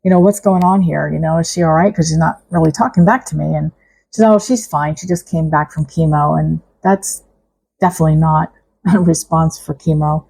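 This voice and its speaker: Gravelly low-voiced woman vlogger. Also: steady tone, dark tone, low-quality recording. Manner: reflective, halting, with small restarts. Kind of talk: personal vlog talk to camera.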